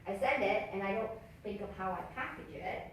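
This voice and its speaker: A middle-aged woman telling stories to a small group in a chatty, animated way, laughing often and tagging her sentences with "right?". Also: mid-range voice, brisk, a little hiss or hum. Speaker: health coach. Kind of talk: casual storytelling to a small group. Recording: very echoey room, mic far off.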